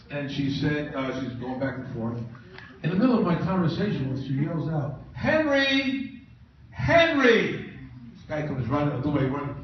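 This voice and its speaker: Middle-aged man joking in an echoey hall. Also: a little high. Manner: anecdotal, joking, self-mocking. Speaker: conference speaker. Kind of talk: humorous personal storytelling speech. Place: large conference room. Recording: echoey, distant, muffled, noisy room recording.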